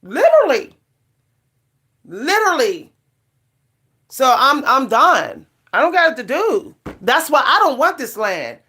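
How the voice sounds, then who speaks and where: Emphatic middle-aged woman, fairly high voice. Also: very animated, a little slow, hardly any pauses, pushed and bright, breathy edge. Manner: emphatic, repetitive, punchy refrains. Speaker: vlogger. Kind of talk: casual rant to camera.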